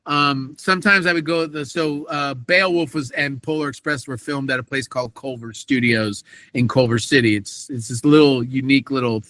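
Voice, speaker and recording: A man guesting on an interview podcast, telling animated stories about his acting work and acting out the quotes. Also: mid-range voice, moderate pace, hardly any pauses, no echo. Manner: animated anecdotes with acted-out quotes. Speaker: voice actor guest. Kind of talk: casual interview storytelling.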